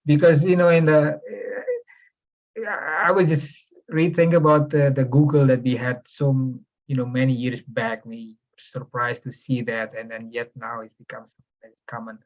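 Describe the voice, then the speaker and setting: A man's voice: medium pitch, flat delivery, normal speed, darkish tone. Hesitant man with Indonesian accent, lo-fi. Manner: hesitant, searching for words. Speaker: faculty panelist. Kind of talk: academic panel discussion.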